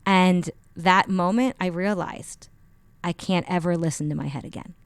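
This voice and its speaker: A woman guest on a podcast, telling a personal story with lively expression and acting out the dialogue. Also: lowish voice, moderate pace, clean tone, no echo. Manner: expressive, acts out quoted dialogue. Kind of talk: animated storytelling in an interview. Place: radio studio. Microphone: studio microphone.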